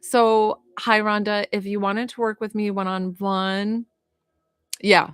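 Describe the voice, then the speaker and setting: Over a phone livestream with no room sound, a young Georgia woman acting as a psychic medium speaks in a mid-range, clear, resonant voice, delivered flatly and slowly. She chats casually and gives readings, gushing and reassuring while rambling with fillers.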